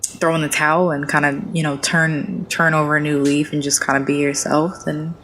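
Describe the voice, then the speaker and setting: A woman's voice: deep voice, flat delivery, moderate pace, a bit bright, slight background noise, rough recording. A woman streamer chatting casually as a podcast guest, rambling with many fillers and restarts.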